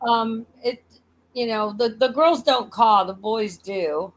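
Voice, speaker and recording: A woman's voice: a little high, slow, slight background noise, low-quality recording. Chatty woman with a slight Southern accent. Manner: laughs often, chatty and teasing. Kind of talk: casual livestream chat.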